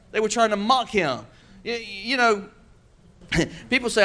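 A pastor preaching a sermon, calling out to the congregation and acting out quoted voices with humor. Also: male voice, sits high, normal speed, sharp tone. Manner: preaching with call-and-response asides.

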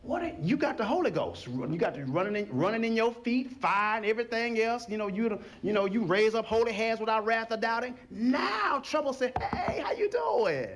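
A man's voice: high voice, a little fast, hardly any pauses. A male pastor preaching a sermon in church, acting out little scenes and calling on the congregation. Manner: animated, acts out voices and call-and-response. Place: church sanctuary.

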